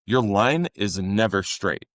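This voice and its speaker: A young man with a fairly low voice talks earnestly on a casual podcast about coaching. He speaks close to the mic in a dry, dead room, and now and then he acts out quotes in a louder, higher voice. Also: lively intonation, slow pace, no room sound. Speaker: fitness coach and podcast co-host.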